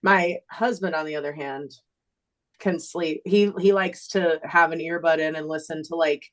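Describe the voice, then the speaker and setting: A woman co-hosting a podcast, chatting in a relaxed, rambling way. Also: low-pitched, moderate pace, low-quality recording. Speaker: podcast co-host. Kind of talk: casual chat.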